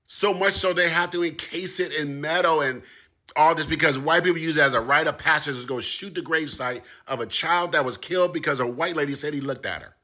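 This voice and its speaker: A man's voice: fairly high pitch, fairly quick. A man speaking straight to his audience in an impassioned monologue, pressing his points with repetition and rising emphasis. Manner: forceful, rising and repeating for emphasis. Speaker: commentator. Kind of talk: impassioned direct-to-camera monologue.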